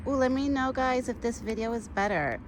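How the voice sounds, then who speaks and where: A woman's voice: on the high side, a little fast. A young woman chatting casually in a vlog, talking sweetly to a deer while filming on a trail with her phone. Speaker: vlogger feeding a wild deer. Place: outdoors on a trail. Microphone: phone camera. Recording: outdoor phone recording with noise.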